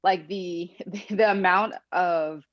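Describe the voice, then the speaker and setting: A woman's voice: lowish voice, steady tone, takes it slowly, lo-fi sound. A young woman speaking as a podcast guest in a casual, reflective way, laughing often. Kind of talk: casual interview talk.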